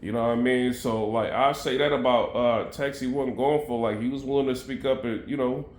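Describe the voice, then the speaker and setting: A man's voice: medium pitch, steady tone, a little fast. Man, casual commentary, talks to viewers, fillers and asides, echoey room. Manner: conversational, filler-heavy, addresses viewers directly. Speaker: battle rap commentator.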